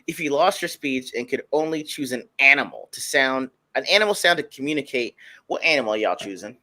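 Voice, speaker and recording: A woman guest joins a casual livestream chat in a playful mood. Her voice is extremely low for a woman. Her pitch swings widely as she talks. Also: animated, brisk, bright, forceful tone.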